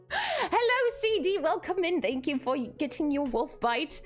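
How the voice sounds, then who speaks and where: Bubbly high-voiced woman streamer. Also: big pitch swings, normal speed, faint music behind. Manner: bubbly, giggly, reads chat and greets viewers. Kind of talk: casual live stream chat.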